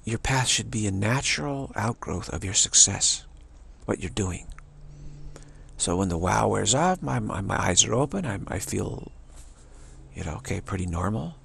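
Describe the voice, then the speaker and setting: A man's voice: fairly low pitch, expressive, moderate pace, creaky, a bit bright, a little hiss or hum. A man giving an informal spiritual teaching talk in a loose, rambling way, often repeating phrases for emphasis.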